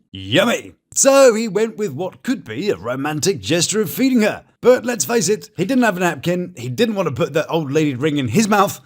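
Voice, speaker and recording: A man, giving cheeky, mocking commentary over reality TV clips. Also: high voice. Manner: mocking, cheeky, quick asides. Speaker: reality TV reviewer.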